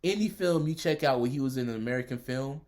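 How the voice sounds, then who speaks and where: A man's voice: medium pitch, fast talker, darkish tone. A man co-hosting a podcast, playfully arguing his case in casual chat. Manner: playful, argumentative, laughs while making his case. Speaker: podcast co-host.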